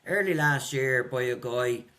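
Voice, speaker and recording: A man's voice: mid-range voice, a little slow, pushed and bright. A man hosting a podcast interview, reflective and conversational as he asks open questions. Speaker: podcast host.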